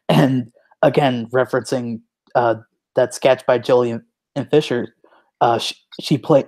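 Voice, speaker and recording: A man's voice: medium pitch, a little mellow. A man co-hosting a casual sports podcast, talking in a rambling way with lots of restarts and fillers. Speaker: podcast co-host.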